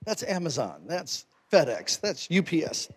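A male pastor preaching a sermon, moving from conversational talk to forceful exhortation. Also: on the high side, very animated, unhurried, big-room sound.

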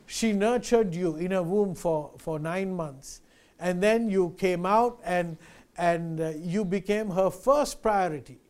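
A man's voice: high voice, slow, a little mellow. A male pastor preaching a sermon, earnest and emphatic, repeating key phrases and addressing listeners as friends.

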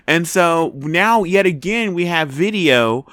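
A man with a fairly high, bright voice and a very lively pitch. He co-hosts a casual chat and rants in exasperated disbelief. The sound is dry and close. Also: slow, no echo. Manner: incredulous, exasperated ranting. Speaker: podcast co-host.

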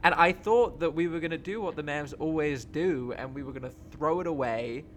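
A man in casual sports chat, talking in an excited, rambling way with many fillers. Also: on the high side, fairly quick, a little hiss or hum.

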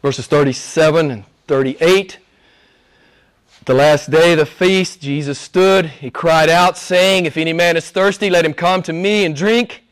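A man preaching a sermon as pastor, moving between hushed, almost whispered lines and loud, emphatic passages. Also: fairly high pitch, unhurried.

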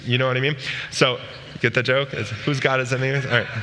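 A man's voice: mid-range voice, steady tone, a little fast, bright, forceful tone. Man preaching casually in a reverberant hall. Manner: casual and joking, asks the room questions often. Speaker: youth pastor. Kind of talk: sermon to a youth group. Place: large room with a live audience.

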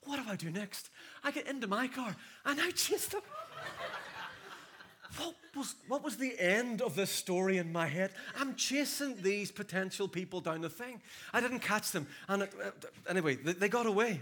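A man preaching a sermon in a church, swinging from loud shouts to hushed storytelling. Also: sits high, animated, moderate pace. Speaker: pastor. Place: church hall.

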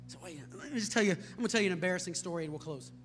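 High-voiced American pastor preaching. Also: male voice, rapid-fire. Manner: storytelling, building to shouted preaching. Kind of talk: sermon. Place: church sanctuary. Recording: church hall reverb with music.

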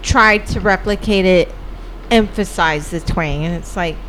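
Casting: blunt woman in casual chat, unhurried delivery, audible background noise. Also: on the low side, fairly bright tone, poor audio. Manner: blunt, laughs often, swears casually. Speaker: video reactor.

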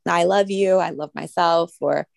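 A woman's voice: on the low side, fairly even intonation, measured pace, vocal fry, dry recording. A woman co-hosting a spiritual podcast, explaining an exercise in a rambling, casual way with many fillers. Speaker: podcast co-host.

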